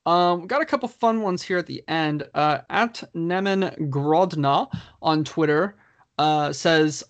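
A man's voice: fairly high pitch, unhurried, no room sound. A man co-hosting a casual podcast chat, reading out listener questions and laughing often. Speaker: podcast co-host.

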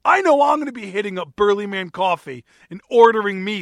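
A man's voice: extremely high pitch, very animated, a little fast, hardly any pauses, a bit bright, no room sound, clean studio sound. A man hosting a podcast on his own, upbeat and jokey with a self-mocking streak. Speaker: podcast host. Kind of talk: solo podcast chat.

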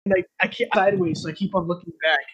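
A man's voice: high voice, fairly even intonation, fast talker, a bit bright, a little hiss or hum. A man in casual chat on a call, nervous and laughing often. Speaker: listener on a call.

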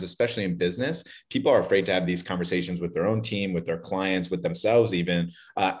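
A man hosting a business podcast, upbeat and chatty, laughing easily with his co-host. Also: low voice. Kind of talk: casual podcast chat.

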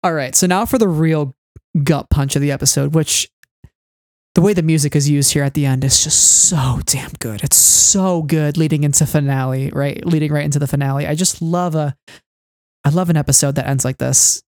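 A woman's voice: low-pitched, fairly even intonation, moderate pace, darkish tone, no room sound, studio quality. A woman co-hosting a casual fan podcast, talking things through thoughtfully with many fillers. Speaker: podcast co-host.

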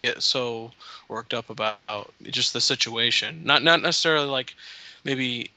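A man's voice: medium pitch, moderate pace, sharp tone, low-quality recording. A man on a gaming podcast, chatting casually in a hesitant way with lots of fillers and restarts. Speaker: podcast co-host.

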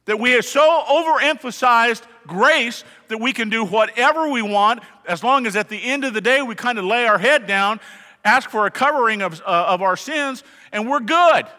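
A man's voice: extremely high pitch, normal speed, pushed and bright. A man preaching a sermon in a church, talking conversationally and with emphasis, often asking the congregation questions. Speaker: pastor. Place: church sanctuary. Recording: long reverb of a large hall.

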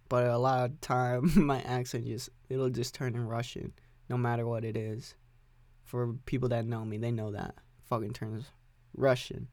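A man's voice: mid-range voice, flat delivery, a little slow, darkish tone, dry recording. Profane rambling young man podcasting solo. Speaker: podcast host. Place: home music recording setup.

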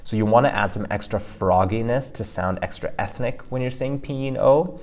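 A man's voice: mid-range voice, moderate pace, a little mellow. A man co-hosting a language-learning podcast, explaining pronunciation in a casual, chatty way with lots of fillers. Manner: chatty, loose with fillers like "like" and "you know".

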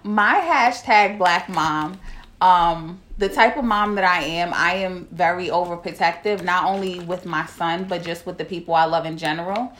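A woman's voice: lowish voice, normal speed, fairly bright tone, a little hiss or hum. A young adult woman co-hosting a podcast in casual chat, blunt, laughing often and swearing freely. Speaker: podcast co-host.

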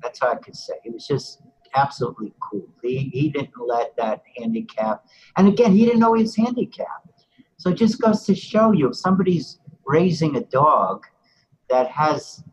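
A man's voice: a little high, breathy edge, low-quality recording. An older man being interviewed who tells a story in a rambling, casual way, full of "you know" asides.

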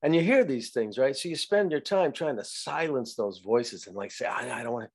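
A man speaking as a podcast guest in casual conversation, reflective and halting, often restarting his sentences. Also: mid-range voice, lively intonation. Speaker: actor guest.

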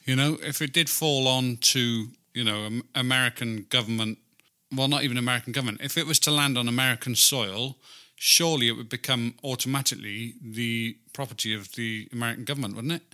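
A man's voice: medium pitch, brisk, pushed and bright. Wry British man reading old news. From Britain. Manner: chatty and wry, swears casually. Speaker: podcast co-host. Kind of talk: casual chat, reading old newspaper articles aloud.

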